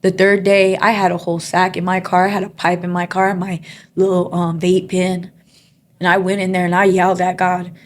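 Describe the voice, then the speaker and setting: A woman giving a candid personal testimony as an interview guest. She talks in an earnest, open way, with frequent pauses and many "you know" and "like" fillers. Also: lowish voice, monotone. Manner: halting, full of 'you know' and 'like' fillers.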